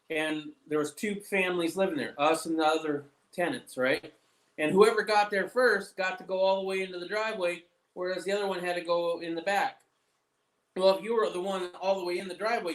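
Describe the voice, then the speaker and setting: A man's voice: sits high, a bit bright, low-quality recording. A man hosting a casual chat, telling stories in a loose, profane way. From United States. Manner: profane, storytelling. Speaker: host.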